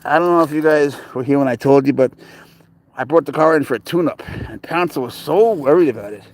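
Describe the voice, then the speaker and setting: A man's voice: a little high, fairly quick, slight background noise. A man live-streaming outdoors on a phone, chatting in a rambling, casual way and coaxing his cat along in baby talk. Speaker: pet owner live-streaming. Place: outdoors, walking near a parked car.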